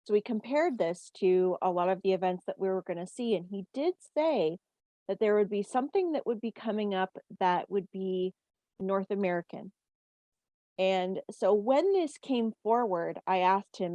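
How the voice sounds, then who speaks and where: Canadian woman as a medium, mellow voice, dry recording, steady delivery. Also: mid-range voice, normal speed, no echo. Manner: steady, relays quotes with "he says". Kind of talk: relaying messages in casual chat.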